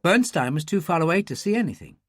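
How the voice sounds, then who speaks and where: Cool, theatrical female killer, voiced by a male narrator, calm and dry, lively line readings. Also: on the high side, fast talker, no room sound, pitched above the performer's own voice. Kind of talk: audiobook character reading.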